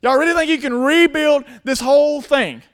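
A man's voice: very high-pitched, normal speed, voice pushed up. A man doing a jeering ancient enemy. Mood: taunting. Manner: loud mocking taunts. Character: ancient male enemy jeering at builders, scornful.

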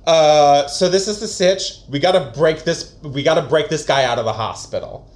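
A man voicing an urgent young male doctor who talks in hurried slang. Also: on the high side, voice pushed up, natural voice. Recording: roomy echo.

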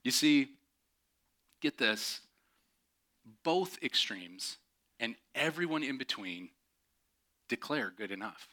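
A man in his thirties preaching a sermon, telling a story in an animated way and mimicking other people's voices. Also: fairly high pitch. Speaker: pastor.

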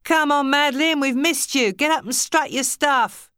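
A woman reading an audiobook, voicing a rowdy club patron who shouts and chants for a singer to come on stage. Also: high-pitched, no echo, clean studio sound, pitched above the performer's own voice. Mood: coaxing, rowdy. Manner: loud, chanting, drawn-out shouts.

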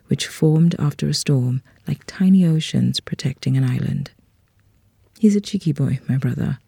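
Gravelly, dark-voiced story reader. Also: mid-range voice, dry recording, studio quality. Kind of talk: reading a literary short story aloud.

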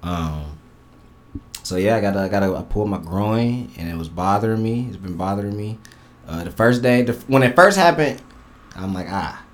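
A man's voice: on the low side, animated, normal speed. A man hosting a casual podcast with friends, loose and laid-back, often trailing off mid-sentence. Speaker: podcast host.

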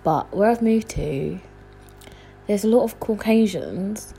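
A young woman, hosting a casual solo podcast from home at night, rambling and chatty with lots of fillers and laughs, talking quietly. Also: medium pitch, expressive, slow pace, gravelly, slight background noise, poor audio. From London. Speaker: podcast host.

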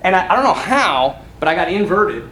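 A man telling a story in casual talk, animated, laughing often and acting out the voices of the people in it. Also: high voice, normal speed, far from the mic. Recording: echoey room, off mic, faint noise.

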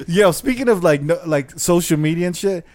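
A man in casual conversation among friends, telling a long story in a relaxed, profane way, full of fillers. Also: sits high, moderate pace. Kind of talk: casual chat.

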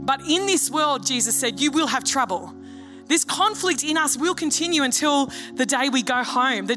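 A woman pastor preaching a sermon in an earnest, storytelling way. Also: sits high. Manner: earnest, storytelling, acts out dialogue.

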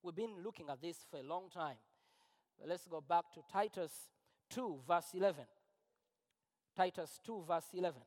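A man's voice: high voice, moderate pace, pauses often, a little mellow. Man preaching in a reverberant hall. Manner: emphatic, repetitive preaching with rising fervor. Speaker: pastor. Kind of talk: sermon.

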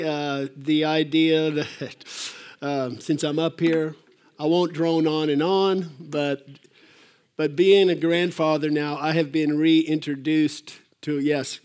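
An older male pastor gives a folksy, rambling sermon to his church. His voice sits a little high for a man, and he pauses often on fillers and restarts. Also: fairly even intonation, darkish tone, smooth.

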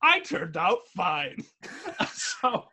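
Young guy cohosting a movie podcast, bright forceful voice, swears constantly, laughs a lot. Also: sits high, huge pitch swings, drawn-out words, gravelly, slightly rough. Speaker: podcast co-host watching a movie. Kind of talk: casual movie commentary chat.

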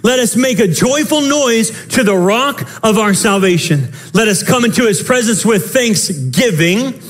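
This young adult to middle-aged pastor, a father of children, preaches a sermon in a high, impassioned voice with lively intonation. He breaks into sudden shouts and quick asides.

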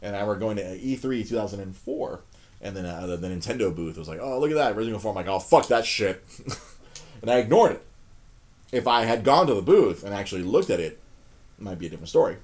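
Middle-aged male host, casual storyteller, self-mocking and profane, very lively pitch. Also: fast. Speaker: podcast host.

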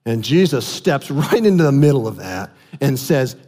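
A man preaching a sermon as pastor, animated and asking his congregation questions. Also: mid-range voice, moderate pace. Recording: long hall reverb.

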